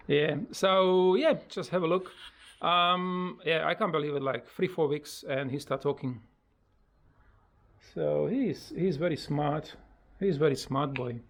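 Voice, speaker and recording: A parrot owner casually chatting on a pet vlog in halting speech, breaking into high sing-song coaxing when talking to the bird. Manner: halting, with many fillers and simple grammar.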